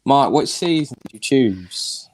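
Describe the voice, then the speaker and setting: A man with an ordinary mid-range voice hosts a relaxed podcast. He jokes with his guests and laughs easily between his remarks. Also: mid-range voice, unhurried. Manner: jokey, laughs often. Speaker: podcast host. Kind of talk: casual podcast chat.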